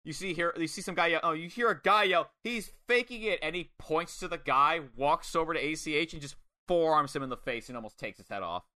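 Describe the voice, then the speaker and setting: A man casually reviewing a wrestling match, excitable and swearing often, acting out lines in quoted voices. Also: on the high side, fast talker, hardly any pauses, no room sound, studio quality. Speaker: podcast co-host.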